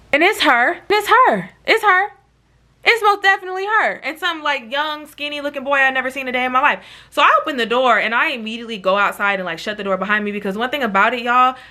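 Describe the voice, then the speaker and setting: Animated, bright-voiced woman telling a story. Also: on the high side. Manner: animated, dramatic, profane, addresses viewers as y'all. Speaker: YouTube storyteller. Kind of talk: casual storytime.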